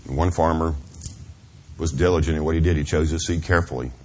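A middle-aged man preaching a sermon in a church, earnest and confessional, asking "Amen?" of the congregation and dropping to a hushed near-whisper at tender moments. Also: very deep voice, fairly even intonation, fast, slight background noise. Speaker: pastor.

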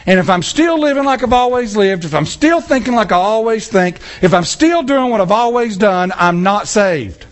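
In an impassioned sermon, this high-voiced male pastor ranges widely in pitch and engages his congregation directly. He moves at a moderate pace, animated, barely pausing.

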